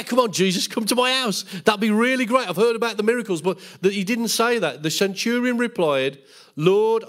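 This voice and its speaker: A middle-aged pastor teaching a bible school sermon, acting out quotes in a raised, lively voice. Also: male voice, high voice. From England. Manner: animated, acts out quotes in a raised voice.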